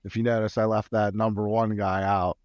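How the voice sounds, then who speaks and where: A man co-hosting a sports betting podcast, working through numbers in an analytical, halting way. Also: on the low side, level tone, darkish tone, no room sound, lo-fi sound. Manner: analytical, many fillers and restarts. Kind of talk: casual sports betting chat.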